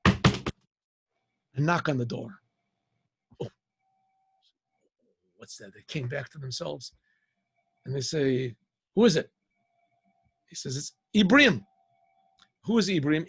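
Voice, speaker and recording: A man, a rabbi and teacher, telling a story to his students on a video call in an animated way with many restarts. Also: a little high, slightly rough, no room sound.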